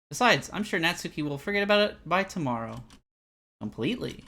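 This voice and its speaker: Brief: young male streamer with a bright, sharp voice, animated and rambling while reading game text. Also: a little high, brisk, vocal fry. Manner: rambling, animated, self-deprecating. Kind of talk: live game playthrough commentary.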